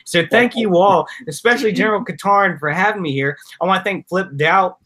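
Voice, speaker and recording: A man's voice: high-pitched, fairly quick, bright, forceful tone. A man on a casual online panel, speaking earnestly and at length. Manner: earnest, heartfelt, rambling. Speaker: panel guest.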